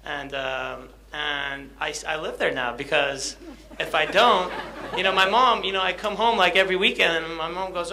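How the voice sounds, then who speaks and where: A young man with a high-pitched, bright, forceful voice speaks at a moderate pace with fairly even intonation and hardly any pauses, over a little hiss or hum. As a guest speaker, he tells his personal story to an audience, sounding hesitant, with many fillers and self-conscious laughs.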